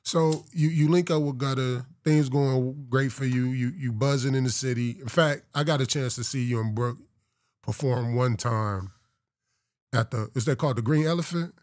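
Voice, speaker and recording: Dry-voiced laid-back host. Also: male voice, mid-range voice, normal speed, no echo. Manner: relaxed, conversational, playful asides. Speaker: interview host. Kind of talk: casual interview.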